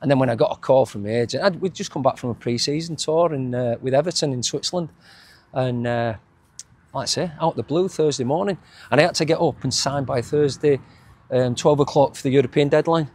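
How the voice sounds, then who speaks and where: Husky Yorkshire man reminiscing. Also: medium pitch, brisk, a little mellow. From England. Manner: rambling, many restarts and chuckles. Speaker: former footballer guest. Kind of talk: casual reminiscing interview.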